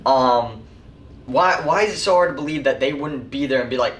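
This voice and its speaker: A man's voice: fairly high pitch, lively intonation, brisk. A man giving a rambling, casual spoken TV show review, full of fillers. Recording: echoey room, mic far off.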